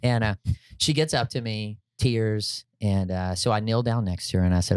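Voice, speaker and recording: A lower-pitched man spins an animated, humorous story for his listeners, drawing them in with frequent "right?" and "you know" asides. His voice sits close and dry in the recording, with no room sound around it. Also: normal speed, smooth, no echo. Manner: energetic, peppers talk with "right?" and "like, you know"; addresses listeners directly, folksy and humorous. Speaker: podcast guest telling a personal story.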